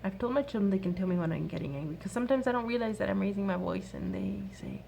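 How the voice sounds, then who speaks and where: Earnest mom giving gentle advice. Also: female voice, medium pitch, very animated, fast, gravelly, a little hiss or hum. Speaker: mom sharing a workshop talk. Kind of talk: gentle faith-based advice talk.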